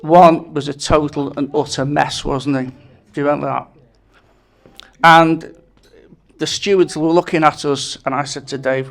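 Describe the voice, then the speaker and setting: A man delivering a wedding speech in a fairly high voice, spinning one anecdote after another to a reception crowd. He chuckles at his own punchlines as he goes. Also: fairly even intonation, measured pace, vocal fry.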